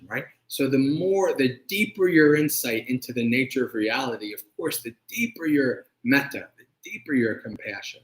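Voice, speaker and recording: A monk giving a conversational dharma talk and answering questions, often checking in with "right?". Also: male voice, mid-range voice, animated, moderate pace, hardly any pauses. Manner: conversational, keeps asking "right?". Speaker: monk teacher. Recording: echoey room.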